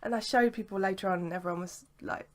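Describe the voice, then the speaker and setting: A woman's voice: medium pitch, fast. A young woman telling a long story to camera in a casual vlog, rambling with lots of "sort of" and "like". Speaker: vlogger. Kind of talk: casual chat.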